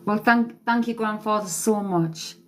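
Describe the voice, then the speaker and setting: A woman's voice: mid-range voice, a little slow, soft background music. A woman working as a psychic medium on a live stream, chatting with viewers and relaying messages, laughing often. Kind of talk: live-stream spirit reading. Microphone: phone or webcam for a live stream.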